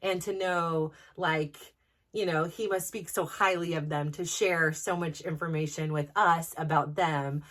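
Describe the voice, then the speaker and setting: A woman in her forties hosting a podcast, telling a personal story in a casual, animated way, laughing often and restarting her sentences. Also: low-pitched, a little slow. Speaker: podcast host.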